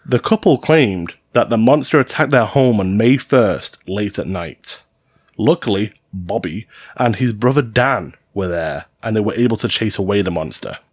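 Animated, playful male podcast storyteller. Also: lowish voice, normal speed, husky, dry recording, clean studio sound. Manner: playful, jokey, swears freely. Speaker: podcast co-host narrating stories.

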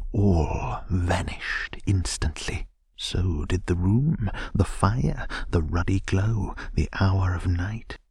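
A man in whispered bedtime narration, reading a classic tale to lull listeners to sleep. His voice is very deep and gravelly with a breathy, husky hush. The delivery is slow and soft. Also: dry recording, studio quality. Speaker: storyteller.

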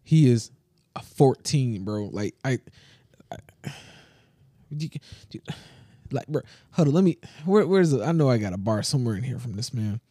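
Slangy, animated male podcast storyteller. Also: medium pitch, moderate pace, no room sound, clean studio sound. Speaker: podcast co-host. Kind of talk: casual chat. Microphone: close to the mic.

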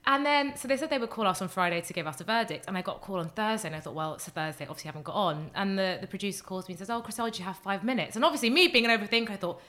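A young woman guest telling a story in casual chat, animated and acting out the voices of others. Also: medium pitch, rapid-fire, hardly any pauses. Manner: animated, acts out quoted voices, talks in long excited runs. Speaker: guest, baking contestant.

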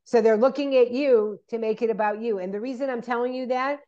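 A woman's voice: on the high side, fairly quick, lo-fi sound. A woman in casual chat, telling stories and acting out what people said to her. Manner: animated storyteller, acts out quoted people.

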